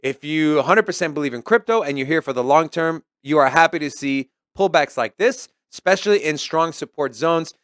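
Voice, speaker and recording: A man's voice: a little high, expressive, brisk, hardly any pauses, fairly bright tone, dry recording, studio quality. A man co-hosting a podcast in casual chat, explaining price charts and joking with his co-host.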